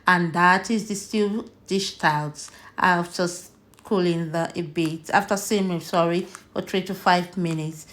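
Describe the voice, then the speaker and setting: A woman from Nigeria hosting a cooking vlog, chatty and unhurried, walking viewers through her dish. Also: mid-range voice. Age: adult, mother. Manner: slow, chatty, tastes food on camera and laughs. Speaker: cooking channel host. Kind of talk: casual cooking vlog narration.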